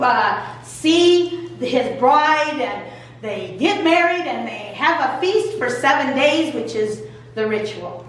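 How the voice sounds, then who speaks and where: A woman's voice: high voice, a bit bright, a little hiss or hum. Playful woman pastor telling a story. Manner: playful, folksy. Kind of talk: storytelling to children. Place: church. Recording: echoey church room from far off.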